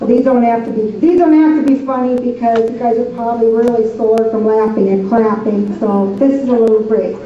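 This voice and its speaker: A woman reading short joke one-liners in a deadpan way at a talent show. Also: on the high side, fairly quick, few pauses. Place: large echoey camp hall. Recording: echoey hall from far off, dull camcorder sound.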